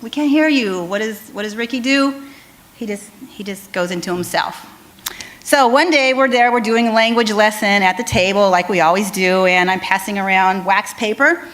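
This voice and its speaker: A woman speech pathologist giving an animated conference talk, telling stories with frequent ums and restarts. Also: medium pitch, normal speed.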